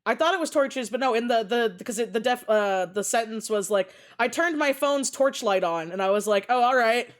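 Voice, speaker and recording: A woman hosting a casual stream chat, with a high voice. She acts out her own reactions as she tells stories and swears freely. She breaks into laughter often. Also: normal speed, few pauses. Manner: animated storytelling, acting out her own reactions. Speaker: streamer host. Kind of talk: casual chat over a voice call.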